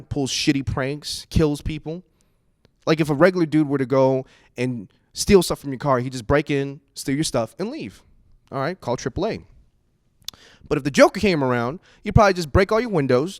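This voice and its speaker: Young male comic with an animated, swinging delivery, recorded dry and close. Casual and profane, with loud exasperated outbursts. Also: fairly high pitch, dry recording. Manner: profane, conversational. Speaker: stand-up comedian. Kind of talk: stand-up comedy set.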